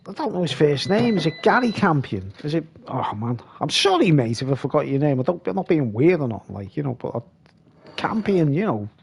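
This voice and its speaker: A man's voice: a little high, sing-song, brisk, gravelly, slight background noise. A man hosting a live stream, rambling casually and reading comments aloud.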